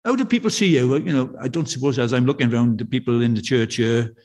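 Preaching in a church, this man speaks fast in a mid-range, a little mellow voice. His sermon is conversational and anecdotal, packed with questions he poses to his listeners.

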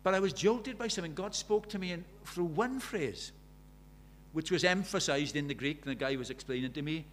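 A man's voice: on the high side, a little fast, fairly bright tone, slight background noise. A man preaching a sermon, telling stories in a conversational way and building to urgent emphasis.

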